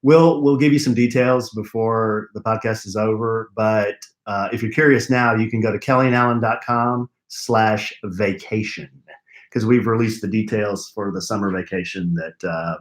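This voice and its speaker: A man's voice: on the low side, fairly even intonation, moderate pace, roomy sound. A man co-hosting a podcast, reading listener letters aloud with playful, teasing banter. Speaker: podcast co-host. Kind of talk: casual chat, reading listener mail.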